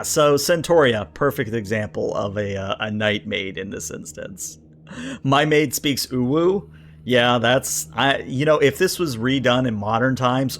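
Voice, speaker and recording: A man streaming from a home desk mic, talking his way through a rulebook in a casual, rambling way. He reads list entries aloud and adds quick comments, with plenty of filler words and restarts. Soft music plays in the background. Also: mid-range voice. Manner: thinks aloud, reads list entries then riffs on them; chatty, answers chat, frequent filler words and restarts. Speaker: streamer reviewing a tabletop RPG book.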